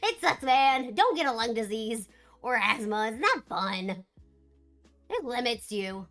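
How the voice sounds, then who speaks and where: Bright, chatty woman streamer. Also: on the high side, measured pace, soft background music. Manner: chatty, animated, with frequent laughs. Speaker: live streamer. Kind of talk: casual live-stream chat with viewers.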